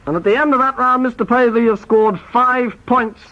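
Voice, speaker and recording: A man hosting a spoof quiz in a brisk, mock-formal announcing style. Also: very high-pitched, fairly even intonation, background noise. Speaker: quizmaster. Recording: dull lo-fi tape recording.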